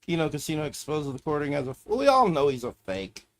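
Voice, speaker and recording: A man with a slightly high, very animated voice talks fast while streaming live. Browsing videos, he mutters to himself, swearing and ranting in a casual, irritated way.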